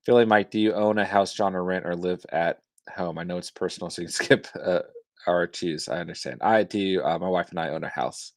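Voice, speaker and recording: A young man hosts a live stream, answering viewer chat in a relaxed, easygoing way. His voice sits very low with a gravelly edge. The sound is close and dry. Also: a little fast, no room sound. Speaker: host.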